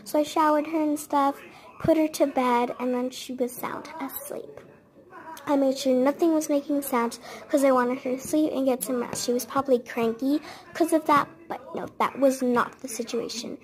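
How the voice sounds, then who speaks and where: A woman's voice: sits high, steady tone, normal speed. A woman telling a casual storytime in a chatty, rambling way, full of "like" fillers.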